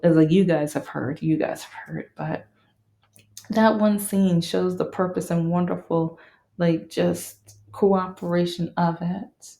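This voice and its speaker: A woman's voice: fairly low pitch, steady tone, takes it slowly, creaky, dark tone, echoey room. A woman talking casually about a film she loved, rambling with many fillers and restarts. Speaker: vlogger reviewing a film. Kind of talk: casual monologue.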